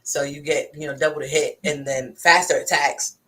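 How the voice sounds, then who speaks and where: A woman's voice: low-pitched, normal speed. A woman co-hosting a podcast, chatting casually about games and greeting viewers in the chat. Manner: relaxed, greets viewers in chat mid-conversation. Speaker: podcast co-host.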